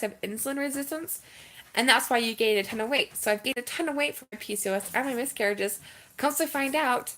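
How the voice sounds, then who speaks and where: A young woman vlogging to camera in a candid, chatty way, moving from earnest advice to bursts of excitement and near tears. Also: on the high side. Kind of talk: casual talk to camera.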